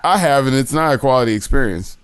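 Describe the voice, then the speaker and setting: A man's voice: medium pitch, animated, fast, smooth. A man hosting a podcast, trading crude jokes and wisecracks in casual banter. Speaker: podcast host.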